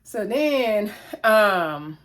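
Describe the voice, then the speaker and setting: A woman's voice: medium pitch, lively intonation, extremely slow, a bit bright. A woman, casually recapping a reality show episode in a chatty, gossipy way. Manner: chatty, gossipy, acts out the cast's lines.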